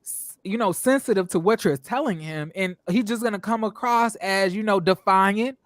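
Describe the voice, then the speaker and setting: A man hosting a casual review show, talking in an animated, emphatic way and acting out what people on the show said. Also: sits high, normal speed, dry recording, clean studio sound. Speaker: show host reviewing reality TV. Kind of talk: casual commentary.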